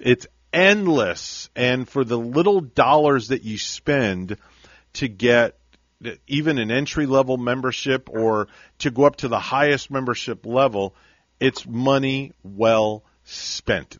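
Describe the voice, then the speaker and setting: A man's voice: medium pitch, a little slow, no echo, highs cut off. A man hosting a morning radio show, chatting casually and jokingly plugging local business.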